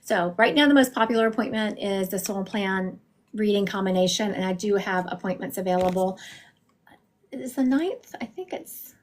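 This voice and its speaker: A woman's voice: medium pitch, normal speed, slight background noise. A woman, chatting casually to viewers on a livestream as she gives psychic readings from home. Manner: chatty, warm-hearted, talks straight to viewers.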